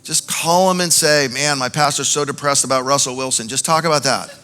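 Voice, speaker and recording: A male pastor preaching a sermon, animated, swinging between loud exhortation and quiet, intimate moments. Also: medium pitch, fairly quick. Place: large church auditorium. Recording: music faintly under a long hall reverb.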